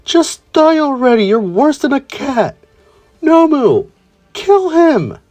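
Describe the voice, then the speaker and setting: A man voicing a shrill, unhinged male villain leader in a fan-made story, with a high-pitched, screeching delivery. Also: lively intonation, measured pace, a little mellow, faint music behind, close to an everyday voice. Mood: taunting.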